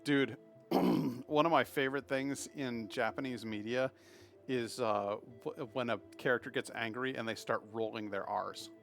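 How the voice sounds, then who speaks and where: A man's voice: mid-range voice, unhurried, vocal fry, faint music behind. Rambling, chatty male game streamer. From Massachusetts. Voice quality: rambling, chatty, bursts into loud laughter. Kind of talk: live let's play commentary.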